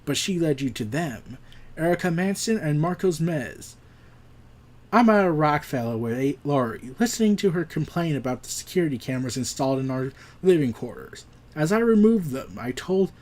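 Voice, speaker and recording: Doctor Manhattan, a man doing a quiet godlike voice. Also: lightly acted. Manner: low, quiet, measured delivery. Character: calm detached godlike blue male superbeing.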